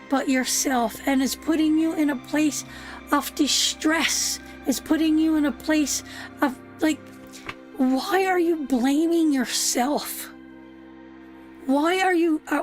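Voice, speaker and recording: A high-pitched woman reads tarot live, warm in tone but blunt, calling the listener sweetheart again and again. Faint music plays softly underneath her voice. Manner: soothing, repeats "sweetheart" often, emphatic and earnest; blunt, swears now and then. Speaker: tarot reader.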